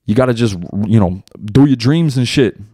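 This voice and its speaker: Recorded at studio quality with no echo, a young man from the United States rambles casually alone on his podcast, leaning hard on slang and profanity. He hosts the show and is new to stand-up, speaking at a moderate pace in a medium-pitched, dark-toned voice.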